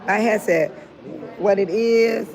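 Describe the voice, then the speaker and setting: Her voice is medium in pitch, slow, and darkish in tone. She's an older retired woman on a phone livestream, phone held close, chatting loosely with viewers, laughing often and addressing them head-on.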